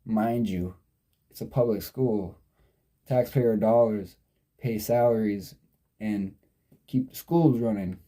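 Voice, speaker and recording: A man's voice: lowish voice, takes it slowly, long pauses, dark tone. A young man in his twenties vlogging, telling a story in a casual, rambling way, swearing freely and often sidetracking and correcting himself. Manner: digressive, profane, sidetracks and self-corrects.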